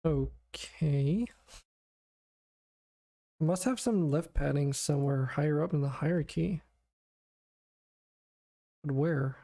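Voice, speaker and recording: A worn-out man talks to himself in a flat, monotone way while he pokes at his game's code. His voice is mellow and soft-edged, steady and unhurried. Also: a little high. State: exhausted. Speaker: game developer streamer. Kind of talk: thinking aloud while coding.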